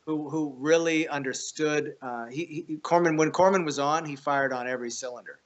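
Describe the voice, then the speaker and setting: A man as a podcast guest, telling stories in a casual, animated way, swearing freely and often restarting his sentences. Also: on the high side, normal speed, highs cut off. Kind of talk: casual storytelling.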